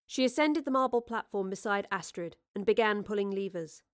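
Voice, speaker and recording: A woman narrates an audio drama in a clear, expressive storytelling voice. Her pitch sits in the middle, unhurried and even.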